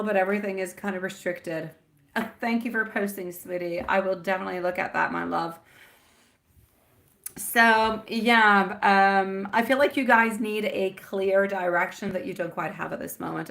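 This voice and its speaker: A woman's voice: medium pitch, fairly bright tone. Giggly chatty woman reading tarot. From France. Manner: giggly, chatty, calls viewers sweetie and my love. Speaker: tarot reader hosting a live stream. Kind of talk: live tarot reading chat.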